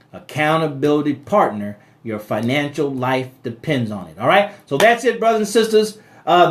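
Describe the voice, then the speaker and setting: A man giving a motivational live-stream talk about money, preaching to his listeners as brothers and sisters and repeating his key points with frequent stammers and restarts. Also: high voice.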